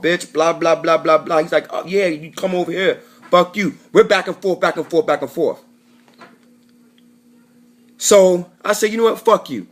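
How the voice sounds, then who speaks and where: Rambling, profane man telling a story. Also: fairly high pitch. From Florida. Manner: rambling, profane, self-correcting. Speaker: vlogger. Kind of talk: casual storytelling monologue.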